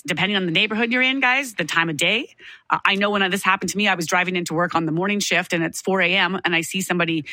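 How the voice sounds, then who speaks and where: A woman hosting a talk radio discussion tells a story in an easy conversational way. Her voice is bright and forward. The sound is dry and close to the mic. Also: medium pitch, no room sound. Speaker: radio host.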